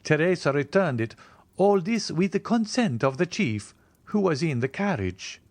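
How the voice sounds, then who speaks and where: A man's voice: a little high, big pitch swings, moderate pace, dry recording, voice pushed up. A man voicing an earnest, grateful young male servant in an audiobook reading, speaking eagerly and deferentially.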